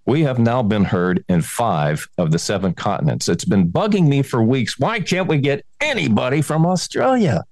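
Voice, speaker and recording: A man's voice: mid-range voice, normal speed, hardly any pauses, dry recording. A man co-hosting a comedy podcast, chatting casually and laughing often. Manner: jokey, laughs often, animated. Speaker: podcast co-host.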